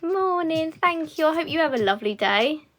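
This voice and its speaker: A young woman with a fairly high voice chats away to her livestream viewers while doing her makeup. She rambles, fills her sentences with "um" and "like", and keeps it loose and friendly. Faint music plays in the background. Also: lively intonation, moderate pace, a bit bright. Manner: chatty, rambling, with frequent fillers. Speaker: beauty content creator.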